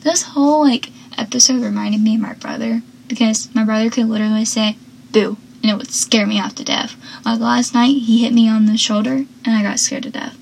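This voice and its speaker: A woman's voice: on the high side, fairly even intonation, fairly quick, gravelly, few pauses, a little mellow, breathy edge, low-quality recording. A woman giving a casual, chatty recap of a TV episode, drifting into personal asides. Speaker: show recapper.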